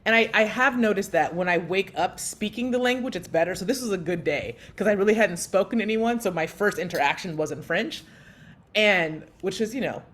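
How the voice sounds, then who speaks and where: A woman in her thirties co-hosting a podcast, telling a story in lively conversation and acting out the voices of people she quotes. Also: a little fast. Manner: animated, acts out quotes with big pitch jumps. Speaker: podcast co-host.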